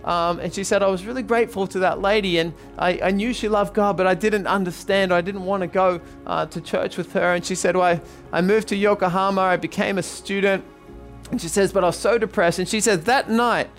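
High-voiced earnest pastor preaching. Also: male voice, fairly even intonation, brisk, soft background music. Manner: earnest, repeats himself, frequent ums. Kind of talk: sermon with retold testimony and prayer.

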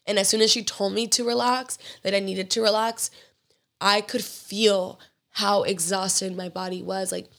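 Slightly raspy young woman podcaster. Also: mid-range voice, flat delivery, a little slow, fairly bright tone. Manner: candid, rambling, quotes others in conversation. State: hoarse from illness. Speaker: podcast host; fitness trainer and athlete. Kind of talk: casual solo podcast talk.

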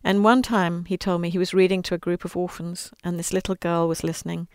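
A woman's voice: fairly low pitch, flat delivery, a little fast, clean tone, dry recording, clean studio sound. A woman speaking earnestly as an interview guest, then reading aloud from her storybook, giving quoted lines a little voice of their own.

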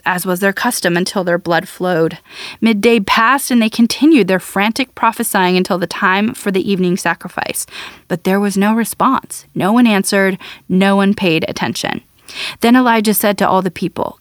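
A woman reading scripture aloud at a measured, even pace, as the regular reader of the show. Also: medium pitch, no echo, studio quality. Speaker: Bible reader.

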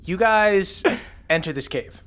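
Brief: game master describing a dungeon, easygoing, average pitch, casual pauses. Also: smooth. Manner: descriptive, relaxed narration with fillers. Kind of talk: narrating a tabletop game.

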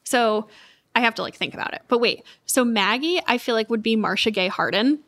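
Bright-voiced woman co-hosting a book podcast. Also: on the high side, a little fast. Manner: thoughtful, many restarts and "like"s. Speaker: podcast co-host. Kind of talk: casual book chat.

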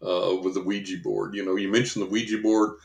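A man, a psychic guest, chatting and telling stories in an animated way. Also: on the low side, a little fast, vocal fry, echoey room. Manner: animated, acts out quoted voices; casual chatty. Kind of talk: casual storytelling.

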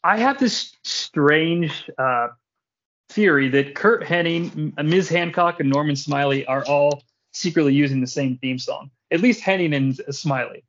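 A man's voice: on the high side, measured pace. Jokey man recapping wrestling, lo-fi sound. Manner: animated, jokey, swears casually. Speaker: podcast host. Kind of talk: casual wrestling recap chat. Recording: dull lo-fi podcast audio.

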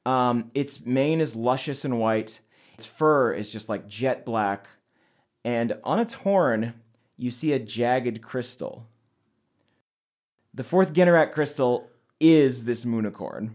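A man running a tabletop role-playing game as game master, narrating scenes in a lively storytelling way and laughing often. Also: medium pitch, slow.

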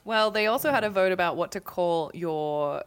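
A woman's voice: on the low side, smooth. Playful woman hosting a quiz chat. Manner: playful, quick to laugh. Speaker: podcast host.

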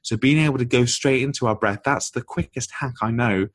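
A man as a podcast guest and author, explaining ideas in an animated, teaching tone. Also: medium pitch, fairly quick, no echo. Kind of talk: explanatory conversational talk.

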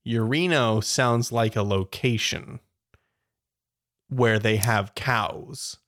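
A man's voice: mid-range voice, slow, a bit bright. A man co-hosting a casual podcast, playfully thinking aloud and laughing as he guesses. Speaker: podcast co-host. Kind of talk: casual quiz chat.

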